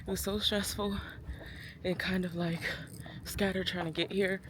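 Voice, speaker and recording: A woman's voice: medium pitch, level tone, moderate pace, background noise. A woman from New Jersey vlogging a solo day out in a garden, gushing and laughing as she talks to her phone camera. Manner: gushing, emotional, laughs often. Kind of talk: casual vlog talk to camera. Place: outdoors in a botanical garden. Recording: loud music under the voice. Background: loud background music.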